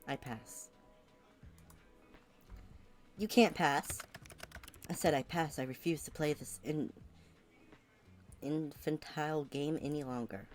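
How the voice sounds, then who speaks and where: A woman's voice: sits low, slow pace, long pauses, faint music behind. A woman voicing an aloof, formal male Grim Reaper, reading game dialogue aloud in a stiff, cold, dismissive manner.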